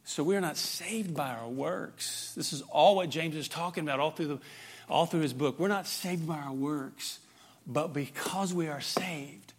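A fervent pastor in the middle of a sermon, his fairly high voice rising loud and urgent, then dropping to a near hush. He leans hard into key phrases and repeats them. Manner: emphatic, dynamic, swings from loud to hushed.

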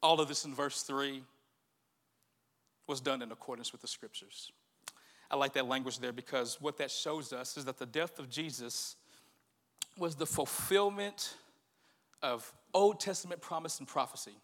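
A male pastor preaching a sermon, animated and swinging from hushed to loud. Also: mid-range voice, moderate pace, pauses often.

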